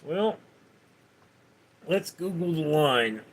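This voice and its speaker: Slow, lively livestreaming man. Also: on the high side. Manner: reads viewers' chat questions aloud and answers them. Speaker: livestream host. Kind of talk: casual live chat.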